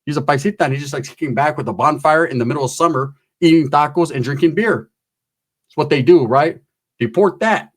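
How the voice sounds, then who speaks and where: Animated, foul-mouthed storytelling man. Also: fairly high pitch, fairly quick. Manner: animated, profane, acts out every character. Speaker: comedian. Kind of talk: comedic storytelling.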